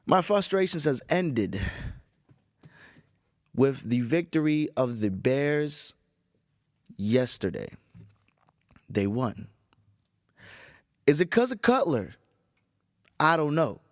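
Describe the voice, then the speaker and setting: A tired, groggy man hosting a casual solo podcast, rambling with profanity and animated storytelling. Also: medium pitch, no echo, clean studio sound. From Chicago area. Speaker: podcast host.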